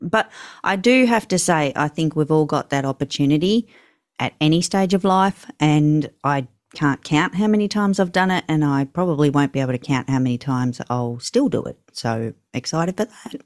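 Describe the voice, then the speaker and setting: A woman's voice: low voice, moderate pace. Chatty woman podcast guest. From Southern Hemisphere. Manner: chatty, uses many fillers. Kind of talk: casual podcast chat.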